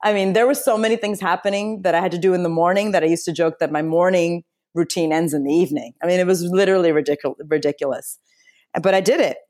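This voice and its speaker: Low-voiced woman telling her story. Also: quick pace. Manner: chatty and expressive, frequent fillers and restarts. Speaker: interview guest. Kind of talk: casual storytelling in a conversation.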